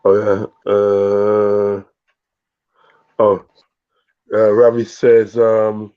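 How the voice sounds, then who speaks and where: A man hosting a casual live football predictions stream, slowly reading viewer comments aloud in an easygoing way. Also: lowish voice, monotone, clear, resonant tone. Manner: slow, easygoing, reads chat aloud haltingly. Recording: dull lo-fi stream audio.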